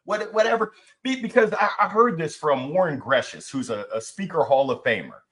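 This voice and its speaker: Lively, animated man on a video call. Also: fairly high pitch, a little fast. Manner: animated, enthusiastic, repeats words when starting. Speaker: professional speaker. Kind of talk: live video-call conversation, giving advice.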